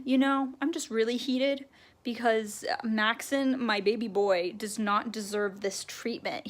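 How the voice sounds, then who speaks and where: A woman's voice: on the high side, normal speed. A young woman vlogging her reactions to a book series, talking dramatically and gushing or ranting in casual chat. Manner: animated and dramatic, gushing and ranting about characters. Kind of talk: casual reading-reaction vlog.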